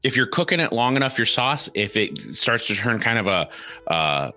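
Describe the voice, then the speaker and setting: A man's voice: medium pitch, moderate pace. A man co-hosting a podcast in casual chat, joking and rambling. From small town. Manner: jokey, animated, rambling. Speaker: podcast co-host.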